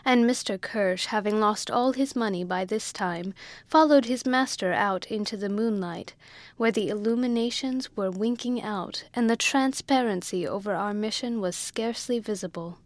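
A woman's voice: mid-range voice, normal speed, dry recording. Woman narrating an old novel, mid voice, dry close mic. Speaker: audiobook reader. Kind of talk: scripted narration.

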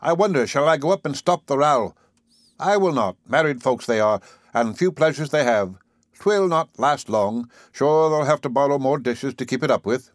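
A man's voice: mid-range voice, animated, normal speed, dry recording, clean studio sound, close to an everyday voice. A man voicing an easygoing Irish beat policeman who muses in a lilting way. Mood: wry. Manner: musing, lilting.

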